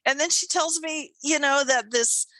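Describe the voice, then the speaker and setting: A woman co-hosting a podcast, telling stories in a casual chat, animated, acting out voices and laughing often. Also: high-pitched, moderate pace, no room sound. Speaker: podcast co-host and coach.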